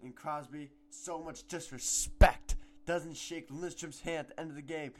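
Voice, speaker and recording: A teenage boy hosting a casual solo sports podcast at home, rambling and excitable, sometimes breaking into shouts. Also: on the high side, measured pace. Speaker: podcast host. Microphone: home microphone.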